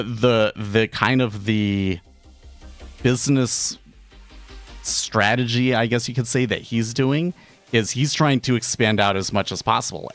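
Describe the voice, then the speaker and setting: His voice is on the low side yet fairly bright in tone. He hosts a day trading stream and chats casually, meandering through an anecdote and raising his voice whenever he voices the people in it.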